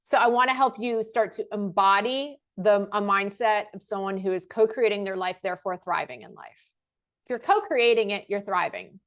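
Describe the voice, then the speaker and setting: A woman at an ordinary, middle pitch who hosts a motivational talk. She repeats affirmations slowly and with weight, then slips into casual, self-mocking asides. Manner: slow, emphatic repetition of affirmations; laughs and self-corrects casually. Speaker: life coach host.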